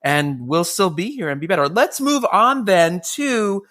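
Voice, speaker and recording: A man's voice: sits high, animated, unhurried, sharp tone. A man hosting a podcast interview, playful and joking, with casual swearing. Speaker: podcast host.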